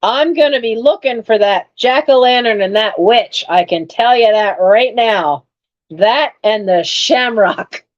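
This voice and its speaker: A woman's voice: a little high, unhurried, highs cut off. A woman selling collectibles online, chatting casually as she unboxes her finds and exclaims over them. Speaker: online reseller hosting a live sale. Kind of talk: casual chat while unboxing.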